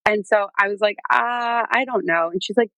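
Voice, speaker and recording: A woman's voice: medium pitch, fast talker, dry recording, poor audio. A woman guest telling her own story in a casual, chatty way, full of fillers and acted-out quotes. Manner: chatty, lots of "like" and "um", animated quoting.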